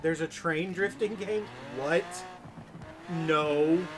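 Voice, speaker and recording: This man's voice is fairly high and unhurried, with noise in the background. He's live-streaming a racing game, talking casually with viewers in a rambling, joking way.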